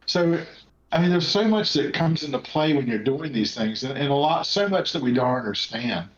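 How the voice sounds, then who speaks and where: An American man talks over his findings, stopping and restarting as he goes. His voice sits at an average pitch. The sound is roomy and somewhat muffled. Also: lively intonation. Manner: rambling, halting restarts. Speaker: guest paranormal investigator. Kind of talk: casual chat. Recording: echoey, dull lo-fi sound.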